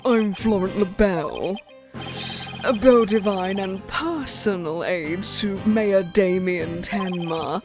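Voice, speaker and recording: A woman's voice: medium pitch, over music. A woman doing a pompous, self-adoring male aide. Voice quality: haughty, drawn-out delivery.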